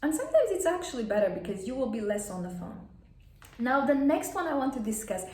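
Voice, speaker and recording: A woman's voice: on the high side, a little mellow, reverberant, distant mic. A woman coaching etiquette in a plain instructive way, stating blunt rules and acting out examples. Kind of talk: advice vlog lesson.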